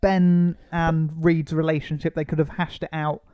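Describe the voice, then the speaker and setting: A man's voice: fairly high pitch, flat delivery, moderate pace, clean tone, dry recording, muffled recording. A man co-hosting a casual film review chat, wry and sarcastic. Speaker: podcast co-host.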